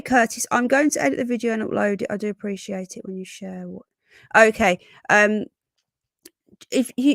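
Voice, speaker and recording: A woman hosts a casual live stream, her voice a bit croaky as she chats and greets her viewers by name, calling them darling. The sound is close and dry, with no room echo. Her pitch sits in an ordinary middle range. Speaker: livestream host.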